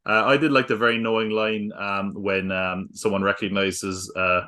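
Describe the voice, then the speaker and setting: Bright, lowish man, hesitant chat. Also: flat delivery, normal speed. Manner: hesitant, many fillers, paraphrases film lines. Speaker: podcast co-host. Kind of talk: casual chat.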